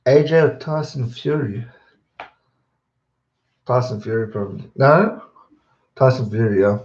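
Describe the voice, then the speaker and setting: A young man, chatting casually on a live stream and answering viewer questions in a rambling, relaxed way. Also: medium pitch, unhurried. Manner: relaxed, rambling, repeats words when distracted. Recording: dull roomy home stream audio.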